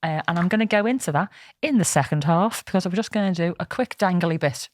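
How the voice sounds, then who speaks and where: A woman's voice: fairly low pitch, fast talker, noisy background. A woman co-hosting a podcast in frank, laughing casual chat. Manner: chatty, laughs often, frank. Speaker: podcast co-host.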